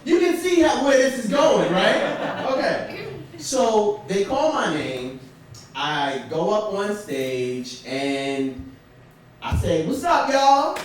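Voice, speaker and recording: A man's voice: high-pitched, big pitch swings, slow pace, recorded from a distance, a little hiss or hum. A young man from Brooklyn telling a funny story to a live audience on a theater stage, laughing through his telling. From Brooklyn, New York. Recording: very echoey theater, from off mic.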